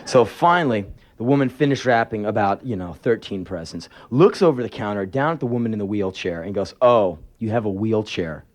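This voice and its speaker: A man's voice: on the low side, expressive, a little fast, hardly any pauses. A man telling sarcastic, profane anecdotes in a live spoken word performance.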